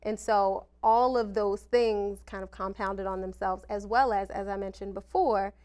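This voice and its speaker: A woman in her thirties who works as a social worker talks candidly and reflectively in a personal interview, laughing at herself now and then. Her medium-pitched voice is steady, smooth, a little mellow, and slightly slow.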